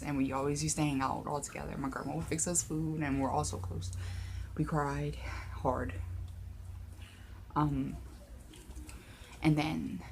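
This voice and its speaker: A young woman vlogger telling a personal story, emotional and halting, close to tears, with many fillers and restarts. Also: deep voice, slight background noise. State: tearful, near crying. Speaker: paranormal vlogger.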